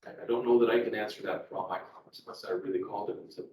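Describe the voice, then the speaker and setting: His voice fairly low, steady and a little mellow, a middle-aged sales trainer races through personal stories at a live seminar, talking conversationally and repeating words. There's a little hiss or hum, plus room echo, a distant mic and faint background ambience.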